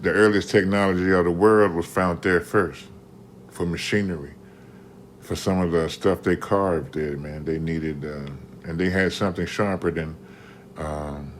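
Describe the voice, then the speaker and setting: Low-voiced man telling a slangy story. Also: a little hiss or hum. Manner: animated, slangy, repeats "man" often, restarts mid-sentence. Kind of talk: casual storytelling monologue.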